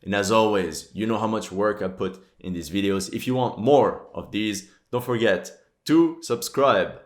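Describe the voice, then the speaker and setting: Casting: low-pitched male history host doing reaction commentary, critical and exasperated, in a roomy echoey space. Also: normal speed. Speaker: history channel host reacting to a war film. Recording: roomy echo.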